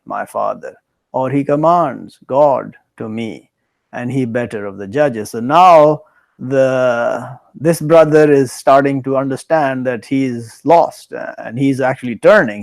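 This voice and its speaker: Gravel-voiced man, scripture reader who paraphrases loosely, dry close sound. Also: medium pitch, darkish tone, no echo. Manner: reads literal verse, then paraphrases casually with frequent chuckles. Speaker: scripture commentator. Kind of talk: reading and explaining scripture.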